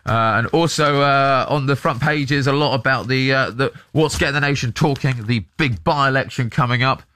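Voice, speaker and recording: A man's voice: medium pitch, moderate pace, bright, forceful tone. A man from England presenting a casual breakfast radio show, reading out listener messages with easygoing short reactions.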